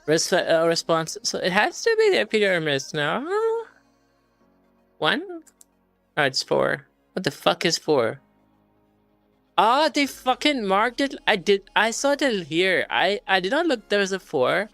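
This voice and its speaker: Young woman, casual study-stream chat, swears, laughs a lot, quiet music under her. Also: medium pitch, sing-song, unhurried, gravelly, no echo. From India. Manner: reads questions aloud, swears casually, laughs often.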